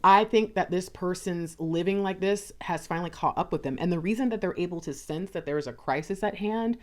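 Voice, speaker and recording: A woman's voice: on the low side, brisk. A woman giving a casual tarot card reading, chatty, often acting out little conversations in other voices. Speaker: tarot reader.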